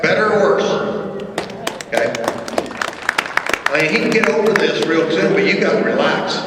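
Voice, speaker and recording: A man's voice: mid-range voice, fairly bright tone, slight background noise. A man, a horse training clinician, coaching riders through a live arena demonstration with short, repeated commands. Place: large indoor horse arena at an expo. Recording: echoey arena from far off.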